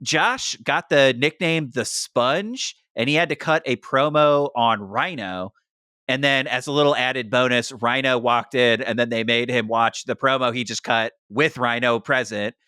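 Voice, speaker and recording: A man's voice: medium pitch, unhurried, bright, forceful tone, smooth, no room sound, clean studio sound. A man co-hosting a podcast, recapping a show with a sarcastic, joking manner. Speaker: podcast co-host. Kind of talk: casual recap chat.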